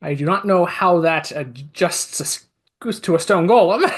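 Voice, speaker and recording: A tabletop game player who thinks out loud in a chatty, casual way. They laugh easily at their own plans while talking with the game master. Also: medium pitch, expressive, measured pace, breathy edge.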